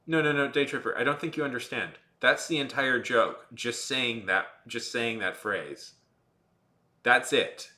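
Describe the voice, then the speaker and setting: A man's voice: mid-range voice, expressive, a little slow, bright, forceful tone. A man streaming while he draws, chatting casually to viewers in a rambling, filler-heavy, dryly sarcastic way. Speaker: artist livestreaming while drawing. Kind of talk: casual livestream chat to viewers.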